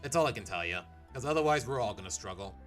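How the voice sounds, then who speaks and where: A man's voice: fairly low pitch, lively intonation, quick pace, a bit bright. A man commentating casually while streaming a game, chatty and rambling with restarts. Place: home. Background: game music.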